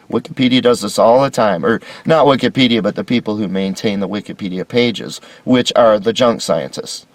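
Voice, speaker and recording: A man's voice: medium pitch, dry recording. A man hosting a solo commentary lecture, talking with sarcastic, mocking emphasis. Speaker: video series host.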